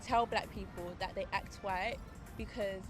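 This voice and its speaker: A woman's voice: mid-range voice, fairly even intonation, measured pace, music in the background. A woman answering a street interview in a firm, matter-of-fact way. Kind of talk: vox pop answer.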